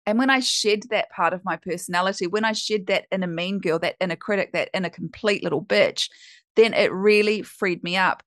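A woman's voice: mid-range voice, fairly quick, fairly bright tone, no echo, clean studio sound. Candid, chatty woman podcast host. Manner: candid and chatty, with some swearing. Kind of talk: casual podcast monologue.

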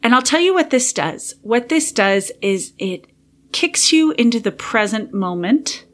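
A woman's voice: on the high side, animated, measured pace. A woman hosting a podcast for teachers, talking in a friendly, encouraging way with occasional whispered asides. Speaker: podcast host and coach for teachers. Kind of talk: casual solo podcast monologue.

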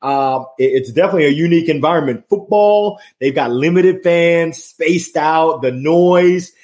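Energetic, passionate man on a call. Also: fairly high pitch, normal speed. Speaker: guest. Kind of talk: casual conversation. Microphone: remote video call.

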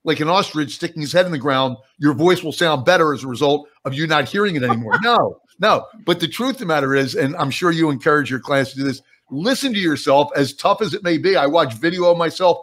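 A male coach speaking up in a panel conversation, earnest with a self-deprecating streak. His voice is a bit higher than most men's. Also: quick pace, few pauses, a bit bright. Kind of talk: casual panel chat.

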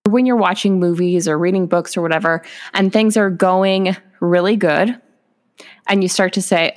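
A woman's voice: fairly low pitch, moderate pace. A woman hosting a motivational podcast, talking directly to realtors in an upbeat, encouraging way. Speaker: podcast host, realtor coach.

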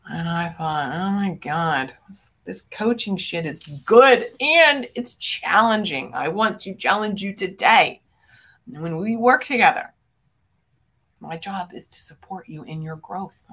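A middle-aged woman coach delivers a motivational podcast monologue in a slightly low voice. She is blunt and emphatic, swears casually, and puts hard questions to the listener. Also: fairly bright tone, breathy edge. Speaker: business coach and podcast host.

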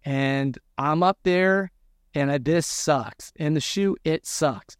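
A man with a somewhat high voice tells his story, lively and animated, and he acts out each quoted line. The sound is dry and close, with no room echo. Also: slow, clean tone. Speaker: guest telling his story. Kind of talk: conversational storytelling.

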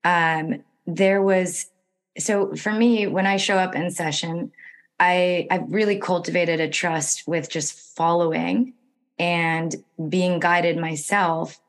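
A woman healing practitioner who is losing her voice, explaining her work in a calm, flowing way. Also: fairly low pitch, slow. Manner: calm, flowing, gently spiritual wording. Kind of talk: conversational explanation.

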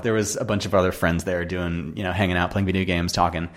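A man with a low, deep voice tells his own story as a podcast host. He talks in an earnest, animated way and circles back over the same phrases as he builds each point. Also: quick pace. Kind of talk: personal storytelling monologue.

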